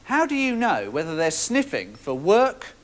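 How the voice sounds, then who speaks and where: Stand-up comedian, male, wry and deadpan, animated delivery. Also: high voice, a little slow.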